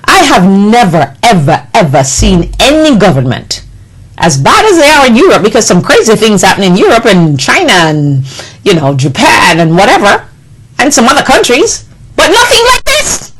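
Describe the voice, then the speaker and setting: A woman's voice: mid-range voice, huge pitch swings, moderate pace, a bit bright, slightly rough, low-quality recording. A woman delivering an impassioned political monologue, indignant and scolding, with emphatic repetition. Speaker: political commentator.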